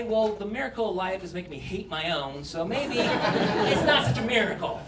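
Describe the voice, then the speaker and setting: A man's voice: sits high, moderate pace, few pauses, over a noisy crowd, heavy background noise. A man doing a stand-up comedy set in a club, swearing and acting out voices, with audience laughter. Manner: swearing, animated, acts out voices. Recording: echoey club recording from a distance.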